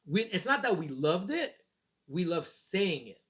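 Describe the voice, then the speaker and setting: A man's voice: high-pitched, very animated, a little slow, a bit bright. A man in his thirties hosting a casual morning livestream, rambling in a laid-back way and swearing casually. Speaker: livestream host.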